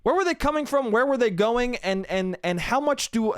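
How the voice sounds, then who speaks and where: A man's voice: very high-pitched, animated, normal speed, clean tone, no echo, clean studio sound. A young man hosting a solo podcast, rambling through a comedic monologue, swearing freely and laughing at himself.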